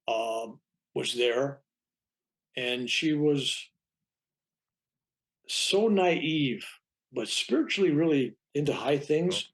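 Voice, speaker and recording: An older man, a reverend, telling a long personal story in an interview, acting out the dialogue with frequent restarts. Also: a little high. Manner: rambling, acts out quoted dialogue, frequent restarts. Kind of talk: anecdotal storytelling in conversation.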